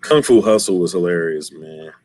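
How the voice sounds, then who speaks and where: A man streaming and chatting casually with his viewers, telling stories in an animated way and laughing often. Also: deep voice, normal speed, no room sound. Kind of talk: casual chat.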